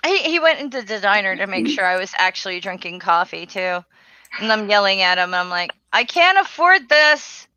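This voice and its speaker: A woman's voice: mid-range voice, a little fast, sharp tone, clean tone, no echo, highs cut off. A woman in casual live-stream chat, telling stories in a blunt, profane way.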